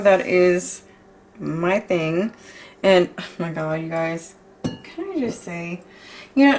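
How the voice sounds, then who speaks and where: A woman chatting casually while baking in a home kitchen, exclamatory and free with swear words. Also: mid-range voice. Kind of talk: casual cooking chat.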